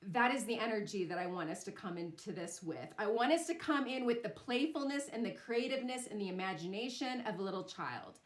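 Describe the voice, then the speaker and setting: A woman's voice: on the high side, roomy sound. A woman hosting a sound bath ceremony, telling a personal story in a casual spiritual talk, often laughing and using fillers.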